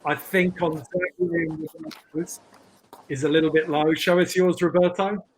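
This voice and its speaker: A man's voice: a little high, fairly even intonation, rough recording. A man hosting a casual online chat, upbeat and teasing. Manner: upbeat, teasing, quick asides. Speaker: host.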